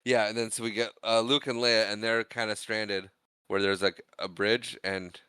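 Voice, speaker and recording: A man with a lowish, bright voice chats through a movie recap. His tone is clean and crisp, and he keeps jumping into playful character voices. The sound is dry and close. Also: moderate pace, no echo. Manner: animated, acts out quotes in funny voices. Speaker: podcast co-host. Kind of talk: casual movie recap chat.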